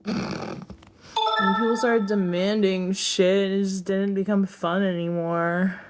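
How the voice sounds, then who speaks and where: A woman's voice: mid-range voice, level tone, slow pace, soft background music. Giggly woman rambling in an echoey room. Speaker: streamer. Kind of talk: casual live-stream chat. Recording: echoey room with long reverb.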